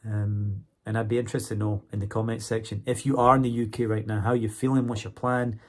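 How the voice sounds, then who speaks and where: A man's voice: fairly low pitch, level tone, fairly quick, a little mellow. A man talking casually to his viewers in a vlog, chatty, often checking in with "okay?" and "right?". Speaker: vlogger and English teacher.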